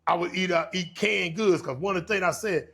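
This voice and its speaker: A man's voice: high-pitched, a little fast, creaky, bright, forceful tone, husky. A middle-aged man from Texas with a Texan accent, telling stories as an interview guest in a laid-back way, often saying "man.". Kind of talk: casual interview storytelling.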